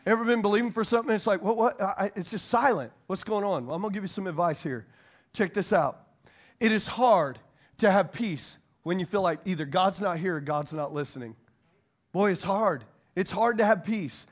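A male pastor preaching a sermon to a congregation, telling animated, joking stories and laughing often. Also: high-pitched, a little fast. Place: church service before a congregation.

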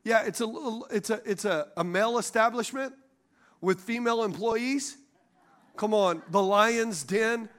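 In an unhurried, high-pitched voice, a pastor preaches to his congregation. It's an animated sermon full of call-and-response questions, and he laughs at his own anecdotes along the way.

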